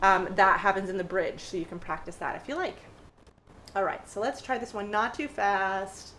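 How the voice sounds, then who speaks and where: A woman teaching a live online ukulele jam, explaining patiently step by step and counting beats out loud. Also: mid-range voice, fairly even intonation, normal speed, a little hiss or hum, poor audio. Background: ukulele playing.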